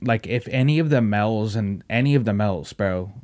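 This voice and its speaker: A young man hosting a podcast, telling stories in a loose, profane, animated way and laughing often. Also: fairly low pitch, fairly quick. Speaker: podcast host. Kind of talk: casual podcast chat.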